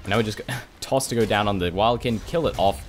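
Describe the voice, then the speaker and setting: Fast-talking male esports caster. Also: lowish voice, a little hiss or hum. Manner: rapid, excitable, rises sharply in big fights. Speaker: esports commentator. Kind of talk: play-by-play game commentary.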